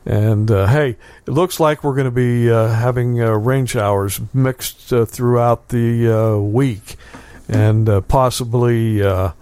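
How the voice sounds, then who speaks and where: A man hosting a casual local radio show from a small studio, talking in a halting way full of fillers. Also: mid-range voice, steady tone, a little mellow, clear, resonant tone, no echo. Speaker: radio host.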